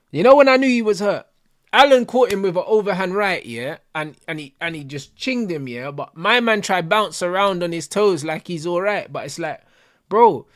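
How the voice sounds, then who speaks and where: Casting: young guy, higher voice, excitable slang-filled chatter, dry close mic. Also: no room sound. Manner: animated slang-heavy banter, laughing. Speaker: host of a football watch-along stream. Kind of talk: casual stream chat.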